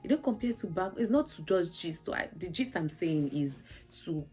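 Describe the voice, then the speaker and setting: A woman's voice: on the low side, expressive, normal speed, a little mellow, husky, soft background music. A Nigerian woman vlogging in a casual, chatty, storytelling way, laughing often and saying "like" a lot. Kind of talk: casual chat to camera.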